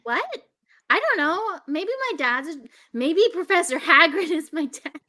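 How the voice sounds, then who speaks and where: Bubbly high-voiced woman, rambling. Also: animated, a little slow, bright, forceful tone. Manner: bubbly, rambling with many fillers. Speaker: player. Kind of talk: playing a tabletop role-playing game in character.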